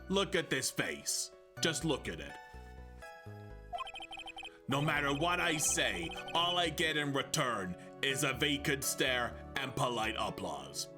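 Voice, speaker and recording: A man reading as a mopey, needy clown. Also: on the high side. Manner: mopey, wheedling joke-teller. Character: down-on-his-luck male clown, self-pitying and needy.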